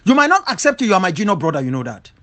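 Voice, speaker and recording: A man's voice: high-pitched, very animated, very fast, pushed and bright. A man from southwest Cameroon, an independence leader giving an impassioned spoken rebuttal, emphatic and full of repeated rhetorical questions. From Cameroon, southwest region.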